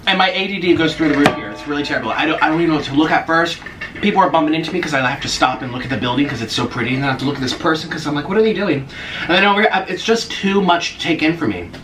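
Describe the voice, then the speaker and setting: A man in his twenties talks in a casual mukbang vlog from an apartment on a busy street. His voice sits high and swoops around a lot, and he gushes with gasps and squeals. Faint street noise hums behind him. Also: very fast. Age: 20s. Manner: excitable, gushing, many gasps and squeals. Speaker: vlogger. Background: faint street ambience.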